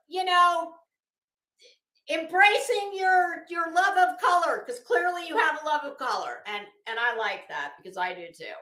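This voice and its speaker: Rambling woman host, high voice, roomy echo, casual chat with restarts. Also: pushed and bright. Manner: rambling, many restarts and fillers. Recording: echoey room.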